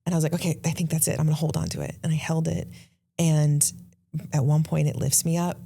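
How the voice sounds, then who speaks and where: A woman in her thirties hosting a podcast, telling an emotional personal story with rushes and halting restarts. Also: sits low, fairly even intonation, vocal fry, warm tone, slight background noise. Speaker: podcast host. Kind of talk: casual conversation.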